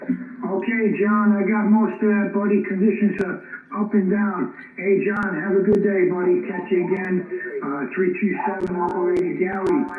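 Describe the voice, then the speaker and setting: A man's voice: sits high, little pitch movement, normal speed. A man calling out over a CB radio in a friendly, clipped way. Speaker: CB radio operator. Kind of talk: radio call-outs. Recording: tinny radio with crowded chatter, distant and echoey.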